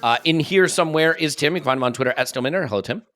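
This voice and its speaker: A man's voice: a little high, rapid-fire, a bit bright. A man from the United States hosting a podcast, talking casually in a rambling way with self-deprecating asides. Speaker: podcast host.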